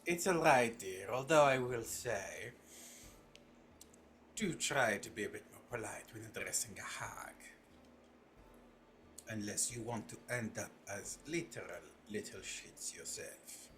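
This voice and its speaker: A man's voice: fairly low pitch, unhurried, long pauses, a bit bright, a little hiss or hum. A man voicing a sly old female hag who talks down sweetly and threatens. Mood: condescending.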